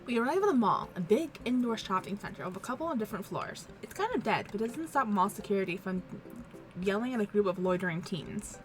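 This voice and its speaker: A woman's voice: medium pitch, animated, fast, soft background music. A woman hosting a let's play, reading a visual novel aloud in a casual, wry tone.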